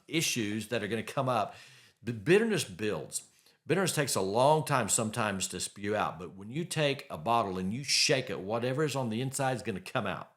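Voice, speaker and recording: A man's voice: medium pitch, a bit bright. A middle-aged man hosting a faith-based advice podcast, speaking bluntly and emphatically and repeating his key phrases. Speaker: podcast host.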